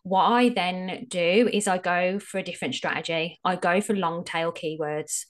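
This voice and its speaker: An Australian woman appears as a podcast guest, an SEO strategist talking through her field in a casual, frank way. Her voice sits slightly low, her tone stays steady, and she speaks at a normal speed, using plenty of filler words as she explains.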